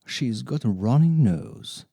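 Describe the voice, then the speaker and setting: A man reads short lesson phrases slowly and with care. His voice is very dark and gravelly, and his pitch rises and falls a lot. It sounds close and dry, with no room around it. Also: sing-song, dry recording. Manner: slow, deliberate drill reading. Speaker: English teacher. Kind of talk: slow scripted reading of example sentences.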